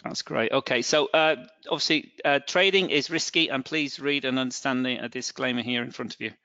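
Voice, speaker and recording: A man's voice: mid-range voice, brisk, bright, forceful tone, no room sound. A middle-aged man with a northern English accent presenting a live trading webinar, hesitant and full of fillers and restarts. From England. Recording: dull, dry, lo-fi webinar audio.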